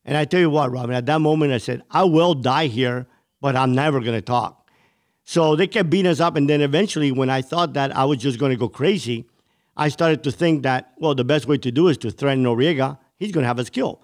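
A man's voice: medium pitch, brisk. A man from Cuba telling his life story as an interview guest, intense and vivid.

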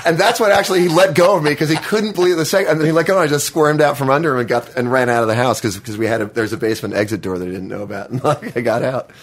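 A man telling a childhood story in a casual chat, halting and restarting often and swearing freely. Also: medium pitch, slightly rough. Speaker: guest.

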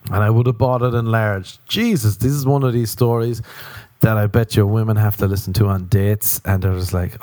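An Irish man rambles through a self-mocking, sweary story on his solo podcast. His voice sits low and mellow. The sound is dry and close. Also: fairly quick, no echo. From Ireland. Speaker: podcast host.

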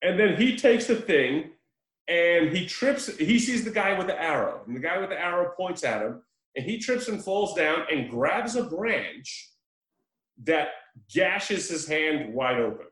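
A man with a fairly high voice tells a movie scene with lively, joking energy. He acts out bits of the characters. The room around him sounds echoey. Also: measured pace. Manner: animated storytelling with laughs and mimicked quotes. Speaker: podcast co-host. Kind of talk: casual chat recapping a movie.

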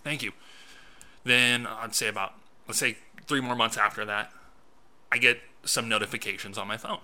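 A man's voice: on the low side, level tone, moderate pace, sharp tone. A man co-hosting a podcast, telling a story in casual chat and acting out his own reactions. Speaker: podcast co-host and film critic.

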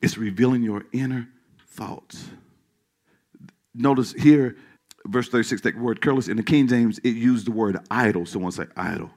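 A male pastor preaching a sermon in church, calling out questions to the congregation and dropping into hushed asides. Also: medium pitch, moderate pace. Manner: call-and-response preaching, swings from loud to hushed asides.

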